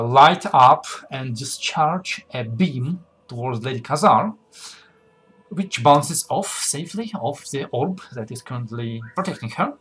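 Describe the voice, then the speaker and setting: A man's voice: mid-range voice, fairly bright tone, husky. A man narrating as game master in a casual tabletop game session, talking loosely with fillers as he thinks aloud.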